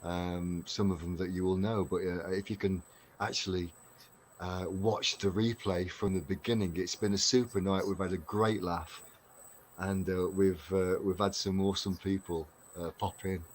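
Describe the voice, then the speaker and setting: A deep-voiced English man from Derbyshire chats casually on a live stream, laughing easily and filling gaps with ums and uhs. He sounds relaxed and sociable. A faint background noise sits under the webcam audio. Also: moderate pace. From Derbyshire, England. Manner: chatty, laughs often, many fillers.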